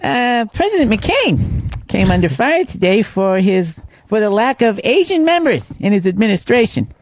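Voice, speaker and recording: A man putting on a late-night talk show host voice, delivering monologue jokes slowly. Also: high-pitched, sing-song, dry recording, voice pushed up. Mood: joke-telling.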